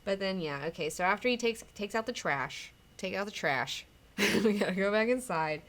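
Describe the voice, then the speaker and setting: A woman's voice: mid-range voice, lively intonation, moderate pace, a bit bright. A woman hosting a casual comic book recap, rambling and candid, swearing freely and acting out characters' lines. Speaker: comic book discussion host.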